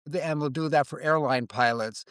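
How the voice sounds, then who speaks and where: A man in his seventies, a veteran guest in an interview conversation, speaking in a reflective, halting way and acting out quoted exchanges. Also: a little high, a bit bright, smooth, no echo.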